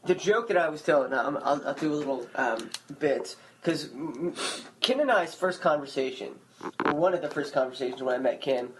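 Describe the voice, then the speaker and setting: A man's voice: a little high, normal speed, background noise. A man, a stand-up comedian, chatting as a podcast guest and acting out little stories. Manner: animated storyteller, acts out other people's lines. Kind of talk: casual chat.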